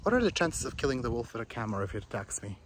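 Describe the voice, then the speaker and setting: Travel vlogger, man, mid-pitched voice with dramatic high yelps, handheld outdoor recording with clear background noise. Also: very animated, very fast. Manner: dramatic, jokey self-talk with sudden high exclamations. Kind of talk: casual vlog narration. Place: outdoors, forest trail and riverside city. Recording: noisy outdoor camera recording. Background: outdoor ambience, flowing water.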